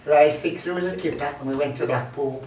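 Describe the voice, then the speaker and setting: A man's voice: fairly high pitch, a little fast, darkish tone, a little hiss or hum. A man at a folk club telling rambling comic anecdotes, chatty and jokey with lots of fillers. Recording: echoey room, mic from far off.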